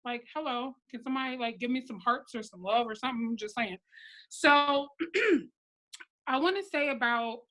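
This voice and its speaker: A woman in her thirties with a high, bright voice leads a motivational pep talk for her sales team on a live stream. She is blunt and sassy and stays animated the whole time. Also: moderate pace. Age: 30s. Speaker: network marketing team leader.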